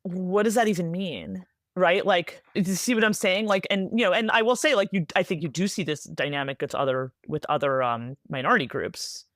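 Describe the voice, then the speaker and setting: Animated American woman author, dry sound. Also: lowish voice, dry recording. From United States. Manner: animated, rapid, filler-heavy with frequent "like" and "right?". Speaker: author, guest. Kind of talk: conversational interview answers.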